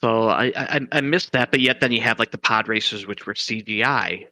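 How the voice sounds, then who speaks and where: A man's voice: lowish voice, brisk, sharp tone, dry recording. A man co-hosting a podcast, chatting casually about a film and thinking aloud with many questions and restarts. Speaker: podcast co-host.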